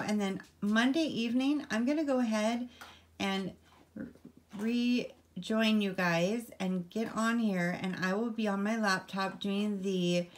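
A woman's voice: mid-range voice, fairly bright tone. A woman chatting casually on camera at home, showing items one by one and rambling with lots of ums and apologies. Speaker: vlogger. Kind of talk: casual haul video chat.

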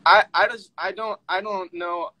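A young man chatting on a livestream, with a bright voice that sits a bit high. He is emotional and laughs often, starting over mid-sentence. His talk is loose and casual. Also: fairly even intonation, low-quality recording. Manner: emotional, laughing, halting restarts. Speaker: livestream host.

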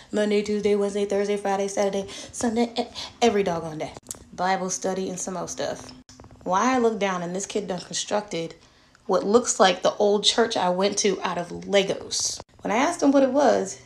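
A woman's voice: mid-range voice, a little hiss or hum. A mother telling a story to camera in an earnest, emphatic way.

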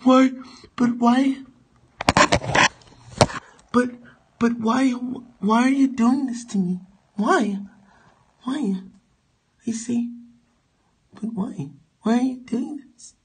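A man voicing a whining, tearful grown man who pleads and begs in a high crying voice. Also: drawn-out words, pauses often, breathy edge, heavily acted. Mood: pleading whine.

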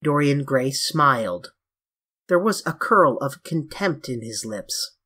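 A reader narrating a classic novel in a measured, even storytelling manner. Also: mid-range voice, slightly rough. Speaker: audiobook narrator. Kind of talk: classic novel audiobook reading.

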